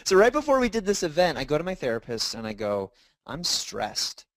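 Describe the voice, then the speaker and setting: A man in his thirties, an author and speaker, tells stories in a casual interview, acting out the dialogue he quotes with animation. His voice is a little high and fast, with no room sound.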